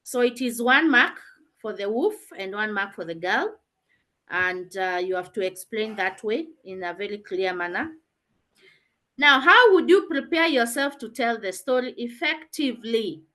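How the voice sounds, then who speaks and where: A woman's voice: a little high, expressive, a little slow, sharp tone. Explanatory woman teaching an online class. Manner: explanatory, questioning students. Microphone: video call.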